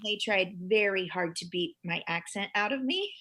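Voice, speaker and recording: A woman's voice: mid-range voice, moderate pace. A middle-aged woman from Springfield, Missouri, with a Missouri accent, chatting as a guest and telling stories with lots of laughter. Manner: animated, laughing storyteller. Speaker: guest comedian and actress. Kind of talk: casual chat.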